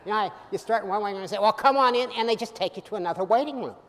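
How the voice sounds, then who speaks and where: A middle-aged man preaching a sermon, animated and humorous, swinging from loud bursts to soft, quiet lines. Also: high voice, rapid-fire. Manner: humorous asides. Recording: hall reverb.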